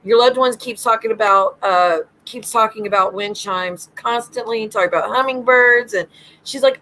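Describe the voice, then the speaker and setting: Woman, livestream host and psychic medium; blunt, sassy, swearing rant, slightly high voice. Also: moderate pace, fairly bright tone, a little hiss or hum, rough recording. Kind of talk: ranting livestream commentary.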